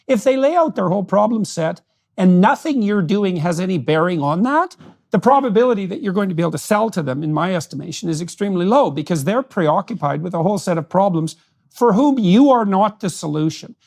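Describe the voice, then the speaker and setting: Male host, former professor, high voice with gravel, analytical and measured. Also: expressive, a little mellow. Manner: thoughtful, analytical, frequent agreeing backchannels. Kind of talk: conversational interview.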